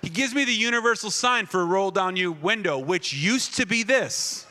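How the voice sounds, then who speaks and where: Playful preacher from Wisconsin, bright, a bit high, reverb of a church hall. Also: male voice, lively intonation, moderate pace, a little hiss or hum. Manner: playful, shifting from jokes to earnest preaching. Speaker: pastor. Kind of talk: comedic sermon storytelling. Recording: echoey hall.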